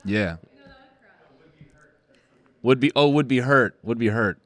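A man's voice: mid-range voice, slow, fairly bright tone, no echo. A man hosting a comedic podcast, rambling sarcastically and laughing often between jokes. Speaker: podcast host. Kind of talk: casual comedic podcast chat.

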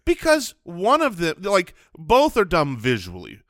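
Guy cohosting a podcast, bright voice, laughs a lot, dry close sound. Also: sits high, wildly swooping pitch, unhurried, no room sound. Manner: laughs often, playful, trails into restarts. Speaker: podcast co-host. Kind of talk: casual comedic chat.

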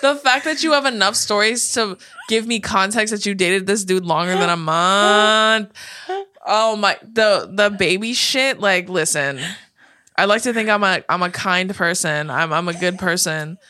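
A woman's voice: medium pitch, measured pace, bright, forceful tone, dry recording. A young woman co-hosting a casual podcast chat, blunt, profane and incredulous. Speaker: podcast co-host.

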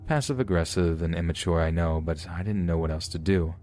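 A man narrating true scary stories in a measured, steady way. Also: low voice, slight background noise. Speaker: podcast narrator. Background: faint music.

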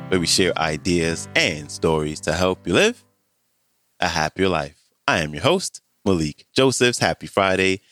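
Very deep-voiced male podcast host. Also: no echo, studio quality. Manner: steady, reflective, encouraging delivery. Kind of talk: scripted podcast intro.

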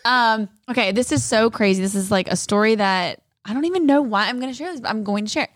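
A woman's voice: a little high, quick pace, dry recording. A young woman co-hosting a podcast, telling a rambling personal story in casual chat, full of fillers and close to tears. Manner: rambling, lots of "like", emotional, near tears. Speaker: podcast co-host.

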